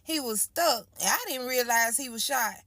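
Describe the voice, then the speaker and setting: A woman's voice: fairly high pitch, normal speed, bright, forceful tone, no room sound. A woman giving an emotional first-person account of a frightening night. She talks colloquially, repeats her phrases and speaks to listeners as y'all. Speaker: storyteller giving a testimony.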